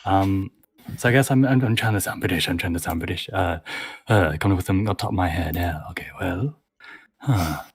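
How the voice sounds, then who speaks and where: Husky low-voiced man thinking aloud. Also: fairly quick. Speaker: voice actor. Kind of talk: casual group call chat.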